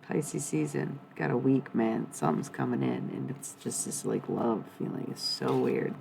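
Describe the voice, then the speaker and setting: Low gravelly-voiced woman reading tarot live. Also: lively intonation, moderate pace, background noise. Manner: blunt, profane, rambling. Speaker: tarot reader streamer.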